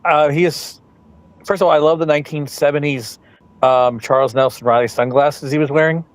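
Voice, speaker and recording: A man's voice: on the high side, steady tone, fairly quick, no echo. A man co-hosting a casual podcast, rambling with many hesitations. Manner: rambling, hesitant, full of ums. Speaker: podcast co-host.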